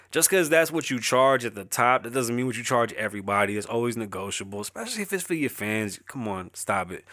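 Riffing casually as show host, a young rapper who describes himself as an artist rambles loosely and swears nonstop in a profane monologue. His medium-pitched voice sounds pushed and bright, in a studio-quality recording without room sound.

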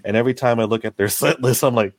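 A young American man, a podcast co-host, telling lively stories in casual chat, swearing often and acting out the people he quotes. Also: medium pitch, fast, no echo. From United States. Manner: animated storyteller, swears often, acts out quotes.

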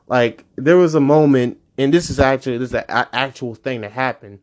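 A young adult man hosting his own podcast, ranting casually and profanely, his voice jumping high when he gets annoyed. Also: fairly quick, darkish tone. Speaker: podcast host. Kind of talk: casual solo podcast rant.

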